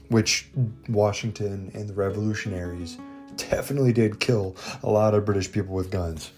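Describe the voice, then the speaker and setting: Low-voiced man casually talking history. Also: a little mellow. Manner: irreverent, digressive, jokey. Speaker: history video host. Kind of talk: casual commentary.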